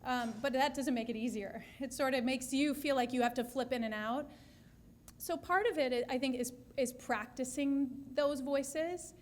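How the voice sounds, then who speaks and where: A woman's voice: high voice, normal speed, darkish tone, a little hiss or hum. A woman speech therapist answering audience questions at a session, explaining patiently with frequent restarts.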